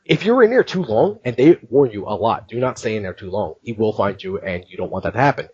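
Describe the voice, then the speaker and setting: A man hosting a podcast, recounting things in an animated, chatty way and laughing often. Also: lowish voice, quick pace, breathy edge, no echo, highs cut off. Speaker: podcast host. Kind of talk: casual podcast chat.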